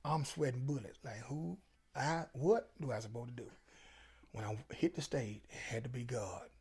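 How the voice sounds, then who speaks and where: A middle-aged man talks as an interview guest, his voice gravelly and husky. He tells stories in an emphatic, preachy way, pressing his points home. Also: medium pitch, moderate pace, darkish tone. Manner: preachy, emphatic, Southern Black vernacular. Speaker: featured guest. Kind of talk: casual storytelling interview.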